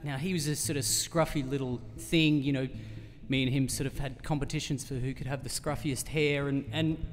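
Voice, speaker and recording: At a live music venue, an Australian singer-songwriter tells a long, comic story to the audience between songs, rambling and self-deprecating with many fillers and restarts. His mid-range voice keeps a fairly even intonation at a moderate pace. Faint music plays behind him, and the concert hall adds reverb.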